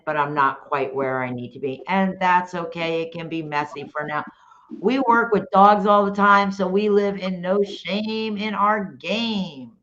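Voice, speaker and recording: A talkative woman hosting a casual chat, a former dog trainer who calls herself a loudmouth, rambling in an animated way. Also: deep voice. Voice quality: loud, talkative. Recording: dull lo-fi sound, faint noise.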